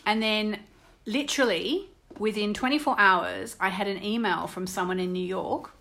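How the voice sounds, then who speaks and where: A woman's voice: mid-range voice, moderate pace. Chatty Australian woman hosting a radio show. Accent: Australian English. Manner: chatty, storytelling, laughs often, animated. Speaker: astrologer and radio show host. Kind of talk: casual radio show chat.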